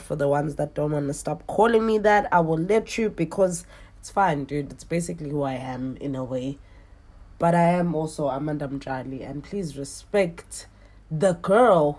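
A woman's voice: fairly low pitch, a little mellow. A woman hosting a podcast, chatting in a rambling, playful way. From South Africa. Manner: rambling, playful, laughs often. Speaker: podcast host. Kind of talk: casual podcast chat.

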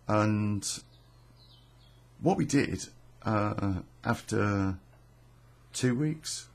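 A middle-aged man tells a true story in a slow, unhurried way, his voice gravelly and very husky. He rambles along with plenty of fillers, restarts and casual swearing. His voice sits fairly low.

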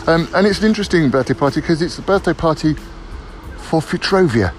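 A man's voice: a little high, expressive, a little fast, slight background noise. A man, a writer, giving a playful, theatrical vlog update while walking outdoors on city streets. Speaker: writer and pub crawl founder.

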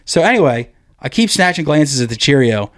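A man's voice: fairly high pitch, big pitch swings, brisk, no room sound, studio quality. A man co-hosting a podcast, telling a crude story in a rambling, profane way full of "like". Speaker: podcast co-host.

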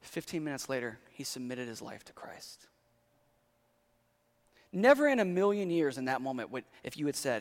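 Animated male preacher in a reverberant hall. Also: medium pitch, moderate pace, pauses often. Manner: conversational, animated storytelling with big swings in loudness. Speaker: pastor. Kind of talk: sermon.

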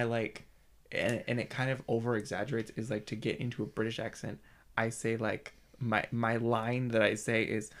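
A man's voice: medium pitch, fairly bright tone. A young man co-hosting a casual podcast, talking hesitantly with many fillers. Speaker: podcast co-host. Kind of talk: casual chat.

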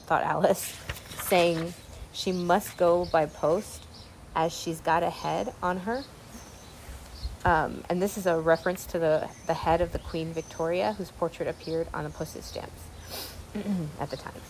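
Woman, read-aloud, lowish voice, explanatory asides, ums, faint background hum. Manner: pauses with ums, explains old words. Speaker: reader. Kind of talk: reading a children's classic aloud with asides.

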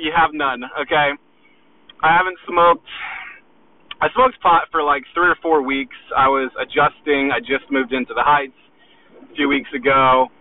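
A man's voice: medium pitch, steady tone, normal speed. Agitated man ranting through tinny audio. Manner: aggressive, agitated, swearing constantly. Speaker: fitness equipment seller. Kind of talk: profane motivational rant.

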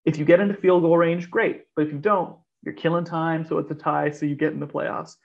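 A man's voice: a little high, a little fast, vocal fry. A man hosting a podcast, chatting casually and ranting about football with frequent laughs. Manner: animated, laughs often, rants. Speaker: podcast host. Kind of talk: casual sports chat. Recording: muffled lo-fi podcast audio.

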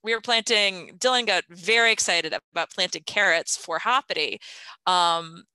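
30s mom chatting away, lots of ums and laughs, crisp bright tone. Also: female voice, fairly low pitch, moderate pace, dry recording, rough recording. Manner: chatty, laughing often, many fillers. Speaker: interviewee, gardening parent. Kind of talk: casual interview chat.

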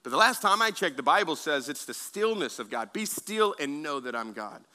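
Bright-voiced male pastor preaching. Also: on the high side, very animated, normal speed. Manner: conversational preaching with asides and repeated words. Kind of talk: sermon.

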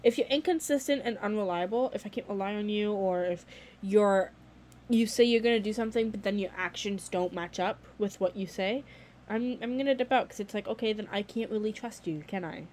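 A young adult woman speaking straight to her viewers in a loose, unscripted vlog. She is frank and outspoken, drops swear words easily, and leans on "like" as she talks. Her voice sits at an ordinary middle pitch. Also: fairly quick, darkish tone, a little hiss or hum. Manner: candid, blunt, swears freely, lots of "like". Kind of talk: casual vlog talk.

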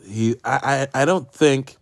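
A man's voice: mid-range voice, a little slow, no room sound, clean studio sound. A man hosting a podcast, giving a casual solo film review in a rambling, profane, self-mocking way. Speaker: podcast host reviewing films.

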